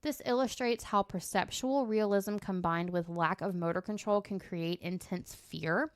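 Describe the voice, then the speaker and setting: A woman's voice: mid-range voice, measured pace, no echo, studio quality. A woman co-hosting a podcast who reads research aloud in a casual chat and riffs on it bluntly, with some swearing. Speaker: podcast co-host.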